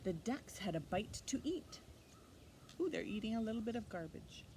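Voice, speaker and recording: A woman librarian reading a picture book aloud to children, expressive and animated, pausing for little asides to the listener. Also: medium pitch, a little hiss or hum. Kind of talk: storytime read-aloud for children.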